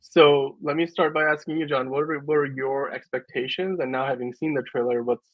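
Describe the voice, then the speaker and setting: A man hosting a casual podcast, chatty and relaxed, with lots of fillers. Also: medium pitch, brisk, no echo. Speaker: show host. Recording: dry, slightly muffled.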